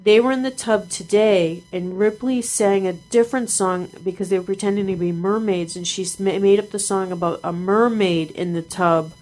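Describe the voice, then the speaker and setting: A woman's voice: mid-range voice, steady tone, moderate pace, hardly any pauses, darkish tone, poor audio. A woman with a mid-range voice talks about her children in a chatty, upbeat way. She speaks casually as a co-host. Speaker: podcast co-host, parent. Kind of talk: casual chat.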